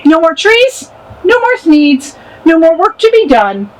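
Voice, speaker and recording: A woman reading a rhyming picture book aloud in an expressive way. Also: extremely high pitch, a little slow, poor audio. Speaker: storybook reader.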